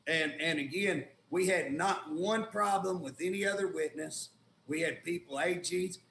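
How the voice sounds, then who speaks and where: Folksy indignant Oklahoma man, gravelly. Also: a little high, normal speed, bright, forceful tone, roomy sound, slight background noise. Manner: folksy, indignant storytelling with colloquial grammar. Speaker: state legislator, guest. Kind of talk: casual talk show conversation.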